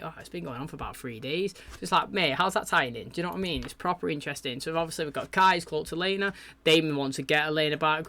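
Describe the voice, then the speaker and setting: A man's voice: on the high side, pushed and bright. A man, recapping a TV episode in a rambling, chatty way with lots of fillers. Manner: rambling, chatty, loose paraphrasing with frequent fillers. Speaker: TV reaction channel host.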